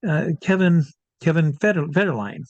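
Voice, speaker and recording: A man's voice: fairly high pitch, normal speed, no room sound, dull audio. Guy telling a wild showbiz story, acts out the voices, curses a lot, dry close sound. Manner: lively anecdote teller who acts out the quoted voices and swears freely. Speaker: guest, drag performer and hypnotist. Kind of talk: casual storytelling in an interview.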